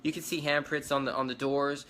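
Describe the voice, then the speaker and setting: Man, eyewitness account, urgent telling, bright forceful voice. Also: mid-range voice, little pitch movement, brisk, slight background noise. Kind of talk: recounting testimony.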